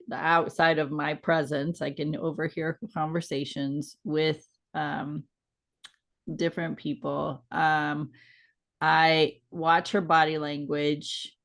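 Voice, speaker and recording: Low-voiced woman telling a story. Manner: reflective, gently reassuring storyteller. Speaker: podcast co-host. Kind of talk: casual conversational storytelling.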